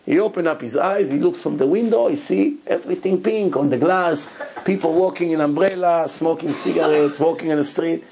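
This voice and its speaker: A man, a rabbi, giving a Torah lesson in animated, broken English and acting out quotes. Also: fairly high pitch, fairly quick, gravelly, a little hiss or hum. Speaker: rabbi teaching a Torah class.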